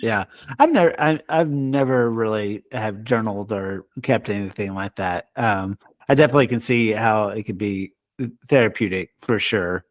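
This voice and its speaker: Guy hosting a podcast, laid back, kinda halting, dry close sound. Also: fairly low pitch, dry recording. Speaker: podcast host. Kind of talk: casual podcast chat.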